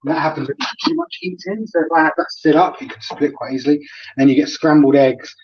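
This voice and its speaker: A man hosting a live cooking demo, relaxed and chatty, laughing often as he explains each step. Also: a little high, a little fast, husky. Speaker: cooking show host. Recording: dull lo-fi sound.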